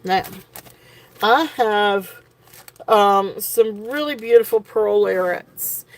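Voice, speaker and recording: In a mid-range voice that takes its time, a woman sells jewelry on a casual livestream. She raves about every piece, says the same compliments again, and fills her talk with ums and false starts.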